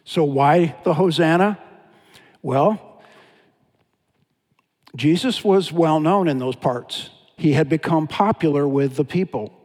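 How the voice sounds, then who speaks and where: A pastor preaching a sermon, telling Bible stories in an animated, dramatic way. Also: male voice, fairly high pitch, takes it slowly, pauses often. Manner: storytelling, animated with dramatic retellings. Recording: long hall reverb.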